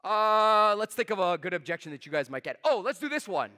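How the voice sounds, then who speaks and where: A man giving a live sales seminar, talking fast, emphatic and blunt, swearing freely at his audience. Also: high-pitched, sing-song, pushed and bright, in a large hall. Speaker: sales trainer.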